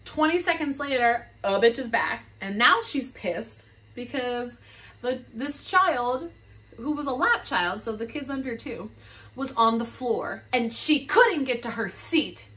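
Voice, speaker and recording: A woman's voice: fairly high pitch, lively intonation, unhurried, sharp tone. A woman who works as a flight attendant, candidly telling a gossipy, profane story in a storytime vlog.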